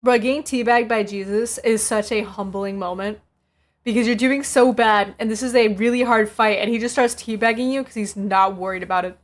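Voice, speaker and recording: A woman's voice: on the high side, fairly even intonation, a little fast. A woman streamer chatting casually and laughing as she looks back on her old clips. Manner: laughing, reminiscing, slangy.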